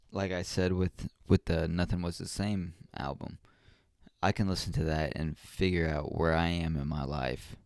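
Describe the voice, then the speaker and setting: Young male podcast host, slow and rambling, reflective, dry close sound. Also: sits low, creaky, darkish tone, no echo. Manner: rambling and reflective, with many ums and restarts. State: yawning often. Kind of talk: casual solo podcast talk.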